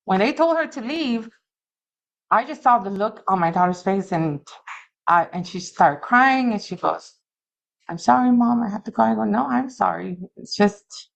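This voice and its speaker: A middle-aged woman giving an earnest, halting personal recovery testimony at a meeting. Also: medium pitch, expressive, gravelly, highs cut off. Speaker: alumni speaker at a recovery meeting. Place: meeting room.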